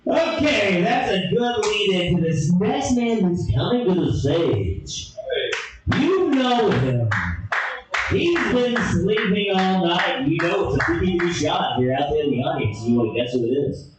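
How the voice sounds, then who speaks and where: A man hosting a stand-up comedy show, loud and crude with excitable crowd work. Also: high-pitched, a little slow, recorded from a distance, noisy background. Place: comedy club stage. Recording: echoey club recorded from afar with music.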